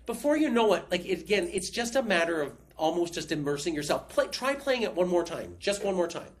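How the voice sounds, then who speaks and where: A woman's voice: lowish voice, very animated, fairly quick. A woman teaching piano over a video call, patiently counting beats aloud and scatting rhythms. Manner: patient, encouraging. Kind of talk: online music lesson.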